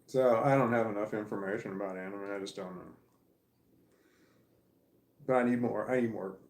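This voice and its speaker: A man's voice: lowish voice, normal speed, darkish tone. A man talking casually on a livestream, rambling and swearing as he tells a story, recorded in an echoey living room. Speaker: livestream host.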